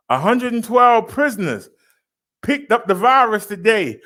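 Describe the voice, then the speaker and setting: Guy on a livestream, lively swinging voice, kinda high, stretches words out big. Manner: showy, drawn-out announcing with loud punches; chatty, addresses viewers as y'all. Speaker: livestream host reading daily stats. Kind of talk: casual livestream chat.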